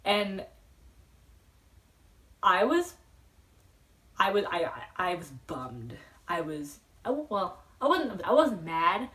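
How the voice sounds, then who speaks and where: A woman's voice: mid-range voice, slow pace, pauses often. Rambling young woman vlogger, slightly distant. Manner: rambling, filler-heavy, excitable. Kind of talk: casual storytelling. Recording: voice a bit far from the mic.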